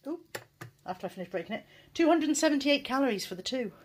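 A woman's voice: high-pitched, animated, quick pace, slight background noise. A British woman chatting frankly to her phone camera at home as a vlogger, self-deprecating and casual. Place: at home, kitchen and bedroom.

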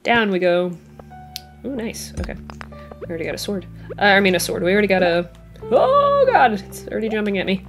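A woman casually plays through a cozy farming game, chatting to the characters on screen and laughing at her own mishaps. Her mid-pitched voice is picked up by a headset mic in a home room. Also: fairly even intonation, fast talker, pauses often, faint music behind. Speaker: gaming channel host. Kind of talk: casual let's-play commentary. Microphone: headphones with mic.

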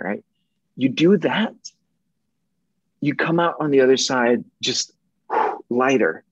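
A man speaking as a podcast guest in casual conversation, emphatic and often profane, shifting between intense and gentle. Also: medium pitch, animated, takes it slowly, pauses often, slightly rough, no echo, highs cut off.

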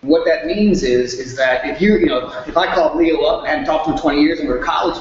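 A man giving an animated sales talk at a workshop, acting out phone calls in raised voices. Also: on the high side, fast, hardly any pauses. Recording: echoey room, dull lo-fi sound.

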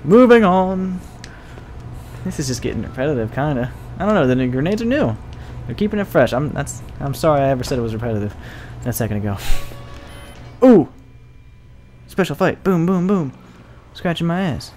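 A young man commentating his own gameplay, excitable, joking and swearing as he plays. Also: mid-range voice, fast. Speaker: let's play gamer. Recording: game music behind the voice. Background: game music.

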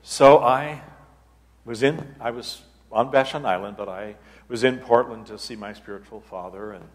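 A man, an abbot, telling a personal story at a retreat talk in an unhurried, halting way, often restarting his phrases. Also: mid-range voice. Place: church hall. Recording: long reverb of a large hall.

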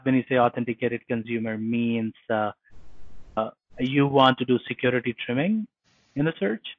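A man's voice: medium pitch, dry recording. Guy giving a webinar demo, lots of uh and restarts, tinny phone sound, super dry. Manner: halting, many fillers and restarts. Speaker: presenter. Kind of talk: live technical webinar demo. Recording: tinny phone-line audio.

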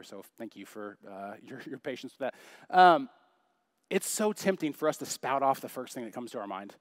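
A man's voice: mid-range voice, big pitch swings, normal speed, dry recording, studio quality. A young adult man preaching a sermon in church, chatty and joking, full of rhetorical questions. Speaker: pastor.

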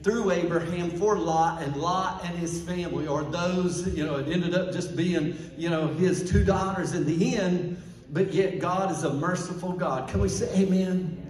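A man's voice: sits high, moderate pace, a little mellow, distant mic. Fervent preacher man in an echoey church. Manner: fervent call-and-response preaching. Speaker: pastor. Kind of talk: sermon. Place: church sanctuary.

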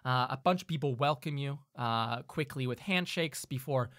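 A man's voice: medium pitch, normal speed, fairly bright tone, no room sound, studio quality. A man narrating a tabletop game as game master, rambling with many fillers.

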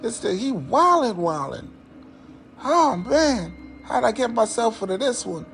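A man playing a panicked young male rapper fleeing a party, talking in a frantic, high-strung ramble. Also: sing-song, unhurried, vocal fry, a bit bright, slight background noise, exaggerated voice. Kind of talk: comedy skit impression.

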